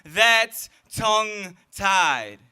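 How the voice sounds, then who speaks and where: A man with a high, very bright and tense voice performs spoken word poetry at a live open mic. His delivery is rhythmic and rhyming, and it slides into a sing-song cadence at times. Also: sing-song, very slow, clean tone.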